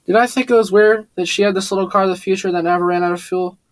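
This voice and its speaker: A man reading a first-person story aloud, steady with occasional slips and restarts. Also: high voice, quick pace, no echo. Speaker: audiobook narrator. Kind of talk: first-person audiobook narration.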